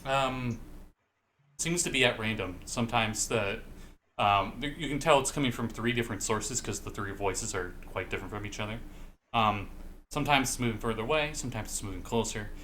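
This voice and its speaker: A man's voice: fairly low pitch, fairly quick, fairly bright tone, slight background noise. A man running a tabletop game as dungeon master, narrating casually with jokes and fillers. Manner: joking, lots of fillers and laughs.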